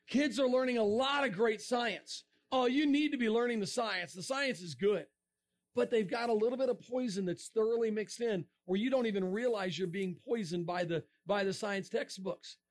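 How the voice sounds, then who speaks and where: A middle-aged man giving a lively creationist talk to a young audience, joking and asking the crowd questions. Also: sits high, moderate pace. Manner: animated, asks the crowd questions, jokes. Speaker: creationist speaker.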